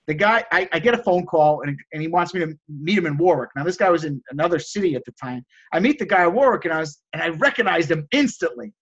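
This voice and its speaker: A man coaching resellers in a casual motivational talk, energetic and repeating key phrases for emphasis. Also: fairly high pitch, fast, few pauses, slightly rough, muffled recording.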